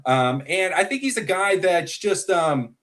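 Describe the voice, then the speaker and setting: A man co-hosting a casual football talk show, talkative and animated with frequent fillers. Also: high voice, a little slow. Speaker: sports podcast co-host.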